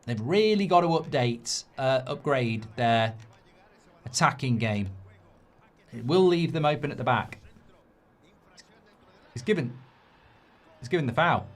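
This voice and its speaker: A middle-aged man hosting a live football watchalong, reacting to the match. He swings between muttered analysis and loud outbursts. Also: mid-range voice, measured pace, pauses often. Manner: excitable, swings from muttering to shouting.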